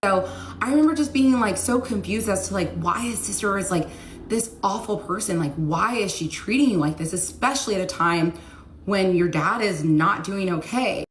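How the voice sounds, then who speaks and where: A woman's voice: medium pitch, moderate pace. A woman in a played clip, retelling what happened in an earnest, confessional way. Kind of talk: personal recollection. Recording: roomy clip with faint background noise.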